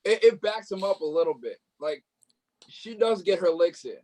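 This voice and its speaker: A man's voice: sits high, expressive, normal speed, crowd noise. A man co-hosting a podcast, chatting about a horror movie in a laid-back, joking way. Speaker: podcast co-host. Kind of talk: casual movie review chat.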